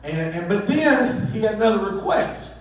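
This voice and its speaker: A man who owns a comedy club, telling stories and jokes at a memorial in a rambling, halting way full of restarts. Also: high-pitched, animated, slight background noise. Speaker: comedy club owner giving a eulogy. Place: memorial gathering hall. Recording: roomy echo, speaker far from the mic.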